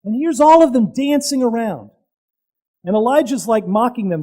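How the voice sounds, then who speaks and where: A man preaching a sermon to a congregation, telling the story with dramatic pauses, loud peaks and casual asides to the audience. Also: very high-pitched, lively intonation, rough recording.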